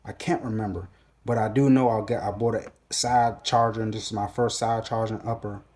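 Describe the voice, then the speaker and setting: A man with a lowish, mellow voice talks through a loose storytime recap. His speech is casual and profane, and he often stops to hunt for words and restart. It sounds like a relaxed solo monologue. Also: brisk. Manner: casual, profane, hesitant with many fillers and restarts. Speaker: gun channel host.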